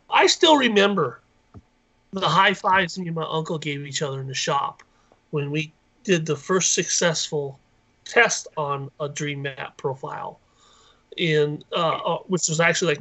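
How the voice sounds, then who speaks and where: A man telling a rambling, excited story as a guest on a live call-in show. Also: on the high side, husky. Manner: rambling, excited, acts out quoted voices. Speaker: inventor and guest.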